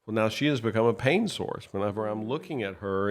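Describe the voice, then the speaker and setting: A man co-hosting a podcast, explaining his thoughts in a thoughtful, measured way. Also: fairly low pitch, fairly even intonation. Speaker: podcast co-host. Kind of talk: reflective podcast conversation.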